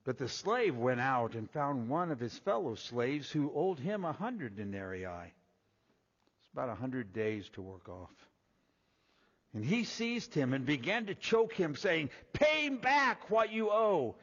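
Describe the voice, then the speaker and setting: A man preaching a sermon, reading scripture in a raised voice and dropping low and quiet to explain it. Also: big pitch swings, unhurried, husky. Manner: rises loud and high when reading scripture, drops low and quiet when explaining. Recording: dull sound with long hall reverb.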